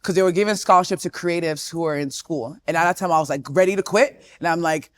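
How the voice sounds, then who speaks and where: A woman in her twenties, a guest in a casual interview, telling her story with animated energy. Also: on the low side, quick pace, no room sound. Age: 20s. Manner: animated storytelling, often acting out quotes.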